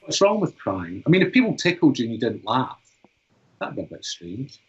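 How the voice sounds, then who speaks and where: A man's voice: mid-range voice, sing-song, normal speed. A man in his fifties from Britain, a psychotherapist reading a story aloud and then explaining his views in an earnest, searching way. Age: 50s. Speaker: psychotherapist and author. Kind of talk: storytelling and interview talk. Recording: dull lo-fi recording.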